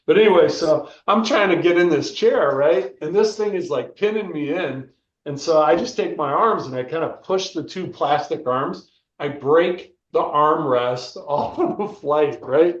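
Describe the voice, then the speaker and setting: An older American man, a former football player, telling animated stories in a casual interview and often asking "right?". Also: on the high side, unhurried, distant mic. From United States. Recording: roomy, dull lo-fi sound.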